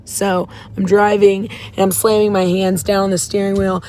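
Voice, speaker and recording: Talking from a parked car in a parking lot, a faith vlogger candidly and emotionally shares her faith in a slightly rambling, casual confessional vlog. She has a medium-pitched, darkish voice with flat delivery and a moderate pace, and there's a little hiss or hum.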